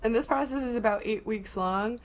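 A woman's voice: fairly high pitch, brisk. A woman co-hosting a podcast in casual chat, explaining things in detail with lots of "like" fillers.

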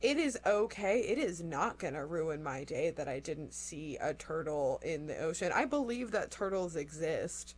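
A young woman telling a story in a casual chat, animated and acting out quotes, with lots of "like". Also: deep voice, normal speed, hardly any pauses, husky. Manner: animated, acts out quotes, says "like" often.

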